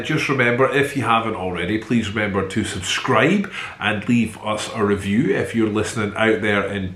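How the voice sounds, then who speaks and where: A man's voice: mid-range voice, a bit bright, reverberant. A Scottish man hosting a podcast, friendly and upbeat in casual chat. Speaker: podcast host.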